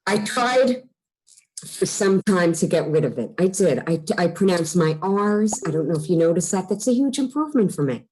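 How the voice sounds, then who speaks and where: A middle-aged woman with a thick Long Island New York accent, chatting as a guest, brash and fast-talking, swearing freely. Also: fairly low pitch, expressive, darkish tone, a little hiss or hum, rough recording. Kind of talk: casual chat.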